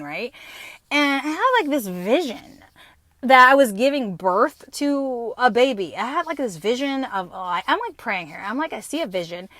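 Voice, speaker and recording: A woman's voice: on the high side, sing-song, normal speed, a bit bright, no echo. A woman in her fifties, hosting her podcast and telling a personal story in a blunt, profane way with many fillers. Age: 50s. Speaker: podcast host.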